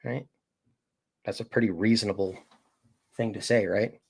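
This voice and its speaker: A man's voice: lowish voice, steady tone, moderate pace, creaky, a little hiss or hum. A man hosting a casual live stream, talking to chat in a rambling way, full of fillers and acted-out quotes. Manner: rambling, filler-heavy, acts out quoted voices.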